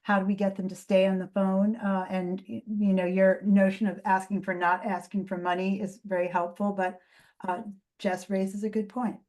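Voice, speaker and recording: A woman co-hosting an online training on a video call, passing along a question in a friendly, relaxed way with some hesitations. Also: mid-range voice, normal speed. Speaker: co-host relaying questions.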